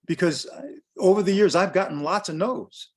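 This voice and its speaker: Older American male coach in his 60s, slightly high voice, direct and emphatic, repeats his points. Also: moderate pace. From United States. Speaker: business coach presenting a workshop. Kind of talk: workshop talk on pricing.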